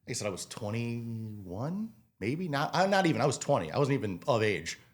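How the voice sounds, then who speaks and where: A man in his twenties, a restaurant manager as a podcast guest, telling work stories in a casual, animated way and acting out what people said. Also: mid-range voice, moderate pace. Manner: animated storyteller, acts out quotes, swears casually. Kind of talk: casual interview storytelling.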